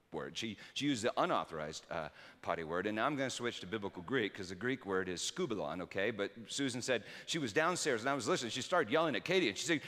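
A man preaching a sermon through personal stories, swinging between loud emphasis and hushed quiet. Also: fairly low pitch. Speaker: pastor. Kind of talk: storytelling sermon. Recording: reverberant hall.

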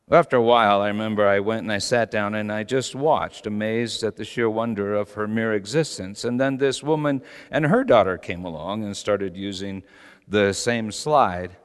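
A middle-aged man preaching a sermon as pastor, animated, swinging from soft asides to shouting. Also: fairly low pitch. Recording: long hall reverb.

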